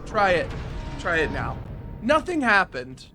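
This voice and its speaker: A man's voice: high voice, huge pitch swings, unhurried, music in the background. A man casually chatting with viewers while streaming a game, sarcastic and easily exasperated. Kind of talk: casual gameplay livestream chat.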